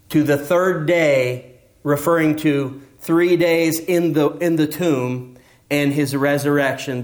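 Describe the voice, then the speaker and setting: A middle-aged pastor preaches in a lively, conversational manner, his pitch swinging up and down for emphasis.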